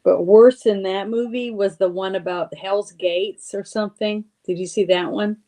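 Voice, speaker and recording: A woman's voice: mid-range voice, steady tone, normal speed, dark tone. A woman co-hosting a podcast, chatting casually about movies, hesitant and searching for words, blunt in her opinions. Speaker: podcast co-host.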